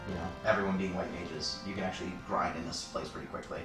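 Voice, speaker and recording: Lower-voiced man chatting on a game stream. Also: little pitch movement, quick pace. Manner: playful, rambling, jokey asides. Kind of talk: casual gameplay chat on a live stream. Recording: roomy, distant mic with loud music behind. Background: game music.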